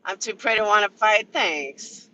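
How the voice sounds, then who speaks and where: A man's voice: high-pitched, moderate pace, pushed and bright, highs cut off. A man ranting casually and profanely on a livestream from a vehicle, answering chat members by name. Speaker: livestream commentator.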